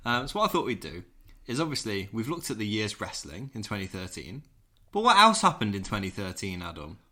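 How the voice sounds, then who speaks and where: A man in his thirties co-hosts a casual podcast with a bright, forceful voice. His pitch moves up and down freely as he reads out old news items. He drops jokey asides between them. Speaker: podcast co-host. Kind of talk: casual chat.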